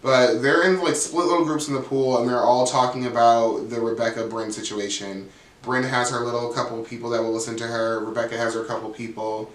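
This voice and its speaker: A man's voice: medium pitch, steady tone, fairly quick. A man giving a blunt, sassy recap of a reality TV episode, swearing freely and saying "like" all the time. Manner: sassy, blunt, profane, frequent "like". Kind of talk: casual commentary. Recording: echoey room, mic at a distance.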